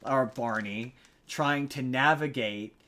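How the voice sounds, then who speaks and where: A man's voice: mid-range voice, slow, bright, forceful tone. A young adult man hosting a podcast, casually recapping a movie plot in a rambling way. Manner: rambling, many restarts and fillers. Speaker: podcast host.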